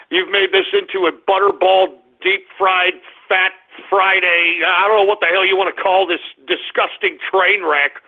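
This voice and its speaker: A high-voiced man hosts a call-in radio show, sounding nauseated and sweaty as he groans and complains at his trolling listeners. The whole recording comes through thin and tinny, like a phone line. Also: flat delivery, moderate pace, few pauses. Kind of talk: live call-in radio talk.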